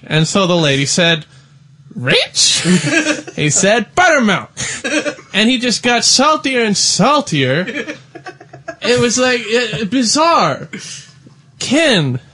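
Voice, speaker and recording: A man's voice: high voice, very animated, unhurried, sharp tone. A man co-hosting a comedy show, telling a story while laughing through it. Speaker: comedy podcast co-host. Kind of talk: comic storytelling.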